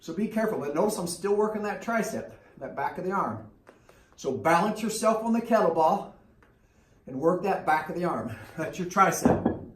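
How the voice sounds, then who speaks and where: This fitness trainer talks through a circuit while doing it, a bit winded, with repeated cues on timing and form. His high, animated voice moves at a moderate pace, and the recording comes from a distance in an echoey room.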